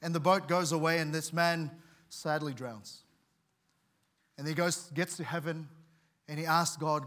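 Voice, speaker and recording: A man's voice: a little high, steady tone, measured pace, long pauses, a bit bright. A man preaching a sermon in an earnest way, often repeating words and restarting, with dramatic swells in volume. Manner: tells a story with dramatic rises in volume.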